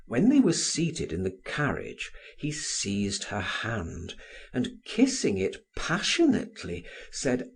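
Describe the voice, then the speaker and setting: A man narrates a classic novel for an audiobook. His delivery is slow and unhurried, the tone airy and breathy, and his pitch rises and falls dramatically across each line. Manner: slow, very expressive reading, voicing the dialogue.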